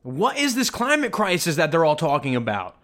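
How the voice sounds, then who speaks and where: A man's voice: a little high, wildly swooping pitch, brisk, fairly bright tone. A man hosting a podcast, delivering a sarcastic, indignant rant as commentary. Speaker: podcast host. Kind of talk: ranting commentary.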